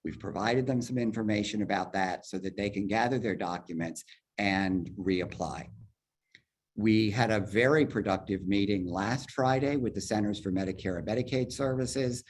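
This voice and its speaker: A man heading an agency, walking a virtual public forum through budget figures step by step on a video call, talking fast and explaining as he goes. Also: lowish voice. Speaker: agency head presenting a budget. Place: virtual meeting, speaking from home or office.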